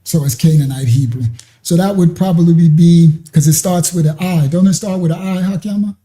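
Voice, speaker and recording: Very dark-voiced male preacher. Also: fairly high pitch, a little fast. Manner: rambling, keeps asking "you understand?". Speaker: religious teacher. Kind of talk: live-streamed scripture teaching.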